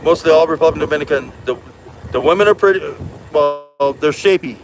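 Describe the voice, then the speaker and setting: A man's voice: fairly high pitch, brisk, music in the background, rough recording. A man chatting on a livestream as a truck driver, rambling and slangy, dropping in Spanish words. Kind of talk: casual livestream chat.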